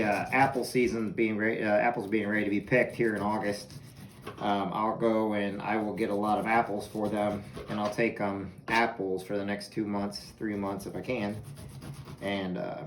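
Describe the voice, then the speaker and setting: A man's voice: lowish voice, steady tone, normal speed. A man casually chatting to viewers while cooking corn in his kitchen, rambling and self-amused. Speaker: home cooking vlogger. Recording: echoey room with background noise.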